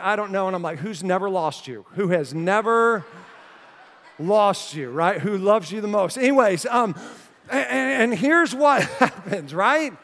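Man, pastor, sermon, animated storyteller, jokey then earnest, highish voice, long church reverb. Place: church hall.

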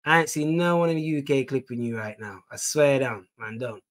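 A man with a British accent hosting a casual podcast chat, excited and slangy, often asking "you get me". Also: mid-range voice, brisk, very noisy. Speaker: podcast host.

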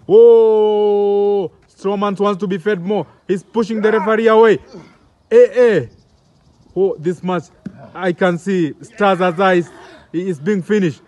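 High-voiced excitable Kenyan man commentating. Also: measured pace. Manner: excitable, exclaiming, repeating phrases. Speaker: comedic wrestling commentator.

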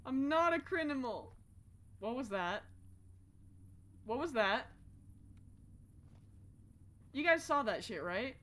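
High, bright-voiced woman streamer, jumpy and profane. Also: big pitch swings, slow, long pauses. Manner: jumpy and profane, swings from muttering to shouting. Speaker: streamer playing horror games. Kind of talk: live-stream gameplay commentary.

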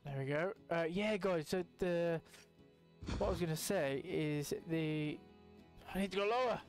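Young male gaming host, high-ish voice, hyped rambling banter, faint music under. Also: measured pace. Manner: excitable, rambling, swears casually. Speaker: gaming YouTuber. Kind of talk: casual let's-play commentary.

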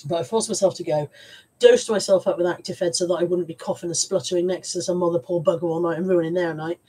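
A woman's voice: fairly low pitch, steady tone, fast, warm tone, husky, low-quality recording. A woman with a stuffy head cold, chatting in a rambling, self-mocking way on a live stream from home. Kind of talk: casual live-stream chat.

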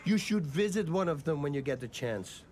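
A man's voice: on the high side, expressive, normal speed, a little mellow, a little hiss or hum, lightly acted. A man voicing a boastful fighter mentor. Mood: encouraging. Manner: boastful, friendly pep talk. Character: famous fighter as game mentor, upbeat man. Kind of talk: game cutscene dialogue.

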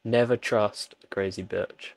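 A man's voice: fairly low pitch, fairly even intonation, a little slow, vocal fry, dry recording. A man doing jokey let's-play commentary, pleading with and teasing the characters on screen. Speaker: gaming channel host.

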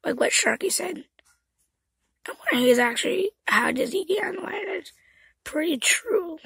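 Very high, creaky-voiced female vlogger. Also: expressive, a little slow, fairly bright tone, dry recording, rough recording. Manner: rambling, often drops to a whisper. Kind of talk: casual rambling chat to camera.

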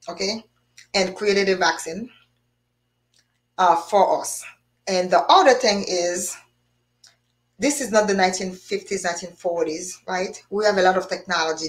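Woman, show host, casual live chat, animated, frequent restarts. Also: medium pitch. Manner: animated, laughing, many restarts.

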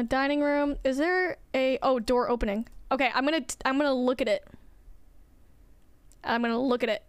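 A woman's voice: fairly high pitch, clean tone, no room sound. A young woman streaming a game, chatting casually with viewers in a rambling way and swearing now and then. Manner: rambling, chatty, swears often, talks to chat. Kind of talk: casual gameplay chat with viewers.

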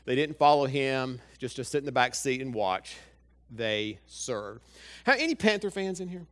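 A man's voice: mid-range voice, moderate pace. A male pastor preaches a sermon in church, talking straight to the congregation and asking it one question after another. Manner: lively, talks straight to the congregation with many rhetorical questions. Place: church sanctuary.

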